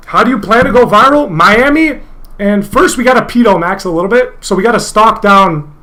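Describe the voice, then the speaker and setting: A young man streaming live, rambling in a casual rant with plenty of swearing and sudden loud outbursts. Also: sits high, expressive, a little fast.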